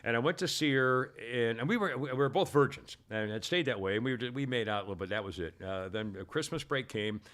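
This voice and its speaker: A man in his seventies hosting a show, telling a rambling story full of halting restarts. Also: medium pitch, fairly bright tone, clear, resonant tone. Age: 70s. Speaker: radio show host. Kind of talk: casual chat and storytelling.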